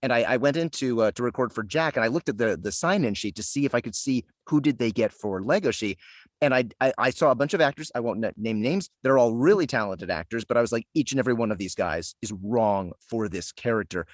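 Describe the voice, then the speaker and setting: A man's voice: mid-range voice, lively intonation, quick pace, no echo. Chatty, self-deprecating man with dry sound. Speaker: voice actor guest. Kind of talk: casual interview chat.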